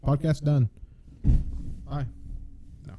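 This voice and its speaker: A man's voice: fairly high pitch, little pitch movement, takes it slowly, mellow, slight background noise. A young man from the United States co-hosting a casual podcast, joking and laughing often. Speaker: podcast co-host. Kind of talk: casual chat.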